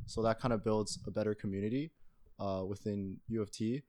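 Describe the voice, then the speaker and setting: A man's voice: fairly low pitch, fairly even intonation, a little fast, mellow. A young man, a university student, talking casually and thoughtfully as a podcast guest, often hedging. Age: young adult. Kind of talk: casual chat.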